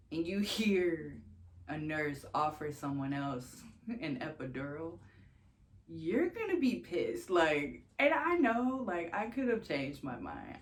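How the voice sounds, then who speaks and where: A young woman vlogging, telling a personal story in a casual, candid way, swearing freely and laughing between sentences. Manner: jumps much higher when quoting herself.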